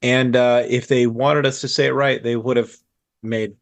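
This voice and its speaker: A man's voice: medium pitch, flat delivery, moderate pace, vocal fry. A man co-hosting a casual tech podcast, cracking sarcastic jokes. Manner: joking, sarcastic. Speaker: podcast co-host. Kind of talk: casual chat.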